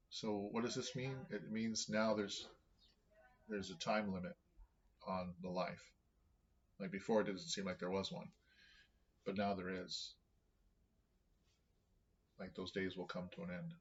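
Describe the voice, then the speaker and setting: A man reading scripture aloud on his vlog and thinking out loud about what it means. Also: lowish voice, steady tone, measured pace, pauses often, dull audio, slight background noise. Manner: thinking aloud, with many restarts.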